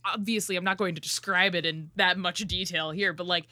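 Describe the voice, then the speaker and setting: A woman co-hosting a podcast in casual chat, telling a story in halting, rambling fashion with many fillers. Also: on the low side, fairly even intonation, pushed and bright, no room sound. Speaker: podcast co-host.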